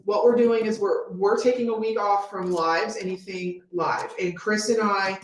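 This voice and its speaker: A woman co-hosting a painting livestream, talking casually and relaxedly, reading viewer comments and often pausing with ums. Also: mid-range voice, fairly even intonation. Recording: echoey room with faint noise.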